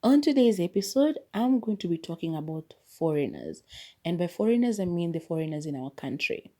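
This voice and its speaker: Chatty Kenyan woman podcast host. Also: fairly low pitch. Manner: chatty, animated storytelling with quick asides. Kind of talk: casual solo podcast monologue.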